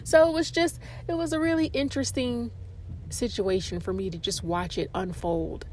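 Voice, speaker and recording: A woman hosting a casual podcast, telling a story in an animated, dramatic way. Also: normal speed, a little hiss or hum. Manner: animated and dramatic, with expressive pitch jumps. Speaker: podcast host.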